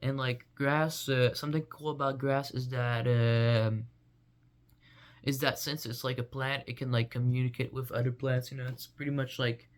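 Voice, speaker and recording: A man's voice: medium pitch, level tone, moderate pace. A young man vlogging in a rambling, goofy casual monologue full of fillers.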